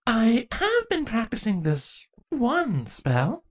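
A woman's voice: a little high, pitched above the performer's own voice, exaggerated voice. A woman voicing a bookish, eager young female changeling princess in a storybook reading. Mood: proud. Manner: excitable, earnest, quick to gush about history and books.

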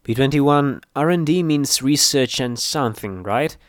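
A man doing a brash, loud pony gunslinger mare. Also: medium pitch, a little slow, pitched above the performer's own voice, close to an everyday voice. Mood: urgent. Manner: loud, blunt and excited. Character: tough young female pony gunfighter, brash.

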